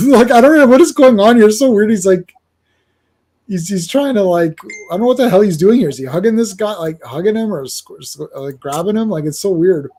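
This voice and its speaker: A man's voice: high-pitched, animated, a little fast, warm tone. A man hosting a casual comics podcast, talking in a rambling way. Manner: rambling, acts out lines in comic voices. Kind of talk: casual chat.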